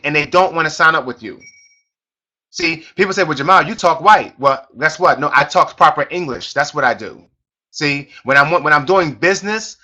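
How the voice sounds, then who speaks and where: High, bright-voiced preachy sales leader man. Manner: emphatic, repetitive, preachy, addresses listeners as folks. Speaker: network marketing team leader. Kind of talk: motivational sales training on a conference call.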